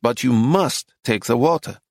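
Man reading as a patient practical manager, measured dry delivery, mid voice, dry close sound. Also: medium pitch, dry recording, close to an everyday voice. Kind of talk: audiobook character voice.

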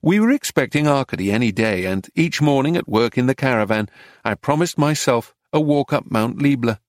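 A man reading a memoir-style audiobook in scripted narration, even and understated. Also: medium pitch, normal speed, dry recording, clean studio sound.

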